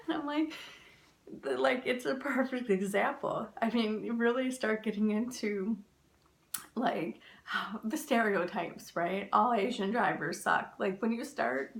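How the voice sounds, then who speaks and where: A woman from the United States, a spiritual teacher, talking in a casual, chatty way with lots of fillers and animated storytelling. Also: medium pitch, a little slow, gravelly.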